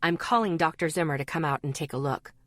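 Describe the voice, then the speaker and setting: A protective young man speaks firmly and gets straight to the point, as a woman narrator puts him on. The voice stays near her own lowish register, read dry and close. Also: fast talker, a bit bright, no room sound. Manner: firm, pointed.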